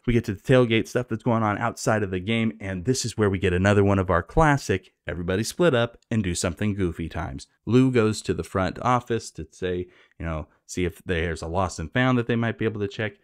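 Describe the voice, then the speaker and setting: Brief: low-voiced man, sarcastic rambling movie recap, dry close sound. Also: a little fast, few pauses, clear, resonant tone, dry recording. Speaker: movie reviewer.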